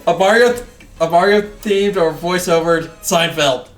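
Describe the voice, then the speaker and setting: A man's voice: sits high, measured pace, distant mic. A man hosting casual gameplay commentary, talking emphatically and jokingly, in a somewhat off-mic recording with faint game music. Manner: emphatic, ranting, jokey. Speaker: gaming channel host.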